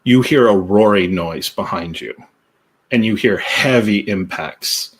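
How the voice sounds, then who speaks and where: A man running a tabletop role-playing game, narrating scenes slowly and deliberately. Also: on the low side, husky. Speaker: game master.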